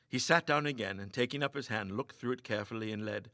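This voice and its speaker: A man reading a ghost story aloud with expressive, theatrical narration. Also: mid-range voice, fast, no echo, studio quality. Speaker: reader.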